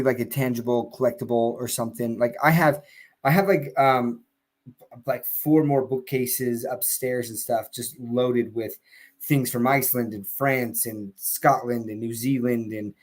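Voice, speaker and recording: A man's voice: mid-range voice, normal speed. A man on a live stream telling a long casual story, full of fillers and restarts, laughing now and then.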